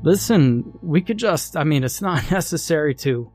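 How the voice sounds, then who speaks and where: A man's voice: a little high, lively intonation, moderate pace, darkish tone, no echo, faint music behind, voice pushed up. A man voicing an uneasy father who talks in a hesitant, pleading way. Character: nervous, uneasy father renting a car.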